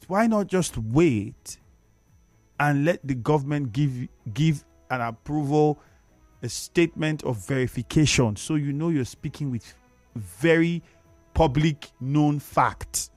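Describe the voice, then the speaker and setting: A man's voice: fairly high pitch, takes it slowly, darkish tone, dry recording, faint music behind. A Nigerian man hosting a radio talk show, reading out listener comments and lecturing callers with emphatic repetition. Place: radio studio. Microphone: studio microphone.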